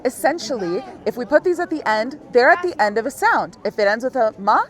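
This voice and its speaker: A woman's voice: high-pitched, animated, fast, few pauses, a bit bright. A woman teaching a language lesson out of doors, explaining step by step in a friendly way and laughing often. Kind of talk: casual outdoor lesson. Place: outdoors in a busy public place. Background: onlookers in the street.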